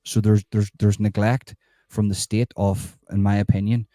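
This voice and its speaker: A man's voice: fairly low pitch, level tone, normal speed, dark tone, dry recording, studio quality. A middle-aged man, rambling and swearing as he hosts a live stream and retells conversations.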